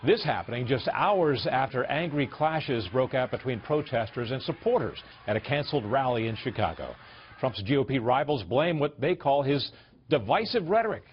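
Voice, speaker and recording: A male cable news anchor asking brisk, pointed questions in a panel debate. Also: mid-range voice, animated, a little hiss or hum. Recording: dull broadcast audio.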